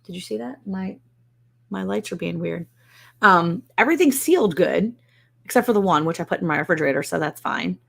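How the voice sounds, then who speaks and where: A woman chats casually on a live stream from her home, wry and self-mocking. Her voice sits low with a gravelly fry, and she talks in loose, rambling asides. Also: expressive, brisk, a bit bright. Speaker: host of a live ranch stream. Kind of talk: casual live-stream chat reading comments. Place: indoors at home.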